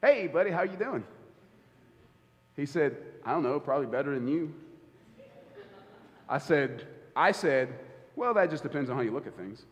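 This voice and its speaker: A man's voice: medium pitch, lively intonation, moderate pace, pauses often. A man, a church elder, preaching a sermon, telling a personal story and acting out the quoted dialogue. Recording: hall reverb.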